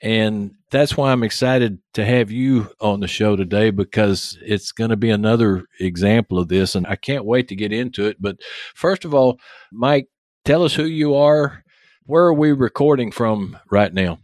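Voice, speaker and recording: A man's voice: fairly low pitch, normal speed, a little mellow, no echo, clean studio sound. A man with an East Texas accent hosting a podcast interview in a folksy, upbeat, chatty way. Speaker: podcast host.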